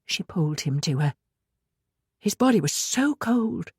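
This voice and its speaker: A woman narrates a thriller audiobook in an even, measured tone. Her voice sits low, and the close studio mic gives a dry sound. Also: slightly rough, no echo. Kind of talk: scripted narration.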